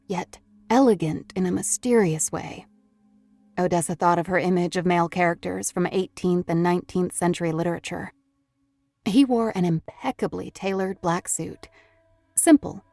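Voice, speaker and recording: Low-voiced woman reading a novel. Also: a little mellow, dry recording. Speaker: audiobook narrator. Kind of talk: scripted narration.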